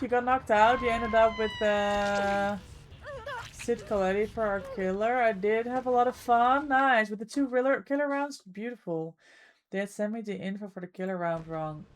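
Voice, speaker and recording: A woman's voice: mid-range voice, moderate pace, noisy background. A woman livestreamer chatting casually with her viewers while she plays, thanking them by name as she goes.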